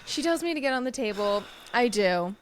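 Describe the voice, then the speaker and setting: Animated young woman telling a story. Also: brisk, slight background noise. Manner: animated storyteller, acts out quoted people with pitch jumps. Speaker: podcast co-host. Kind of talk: casual chat, storytelling.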